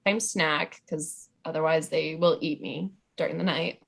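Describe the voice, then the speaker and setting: A woman's voice: sits low, fairly even intonation, moderate pace, creaky, a bit bright, breathy edge. A young adult woman chatting as a podcast guest, playful and full of fillers like "like" and "um". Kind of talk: casual podcast chat.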